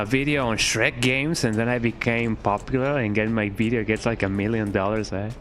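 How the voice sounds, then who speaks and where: A man's voice: mid-range voice, moderate pace, hardly any pauses, fairly bright tone, a little hiss or hum. A man streaming a horror game, chatting to his viewers in a rambling, jokey way and often ending his lines with "eh". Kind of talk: casual gameplay chat.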